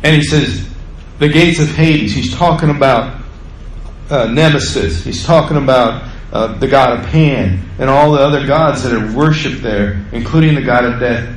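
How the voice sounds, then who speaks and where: A man preaching a sermon as pastor, acting out quotes with rising pitch and volume. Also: moderate pace, a little hiss or hum. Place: church sanctuary. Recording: echoey church room, faint ambience.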